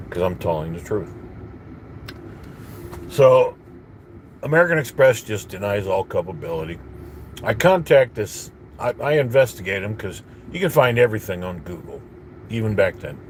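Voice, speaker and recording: A man with a fairly low voice rants bitterly in a casual monologue, coughing at times. He rambles and restarts his sentences. A faint hum of background noise sits under his voice. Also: expressive, moderate pace, pauses often. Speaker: vlogger.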